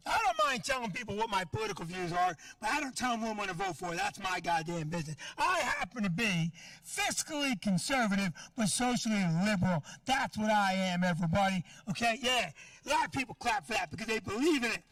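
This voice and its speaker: A man's voice: sits high, very animated, quick pace, a bit bright, far from the mic. A middle-aged man doing a stand-up set in a comedy club, brash and profane as he teases the crowd. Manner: brash, profane, teasing the audience.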